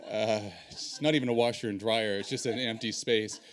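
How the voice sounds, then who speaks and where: A man telling a personal story on stage in an animated, self-deprecating way. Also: fairly low pitch, fairly quick.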